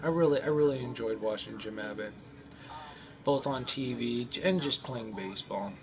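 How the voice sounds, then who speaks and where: A man in his forties casually telling a rambling story over his gameplay, animated and full of restarts. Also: medium pitch, moderate pace. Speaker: gamer narrating his gameplay.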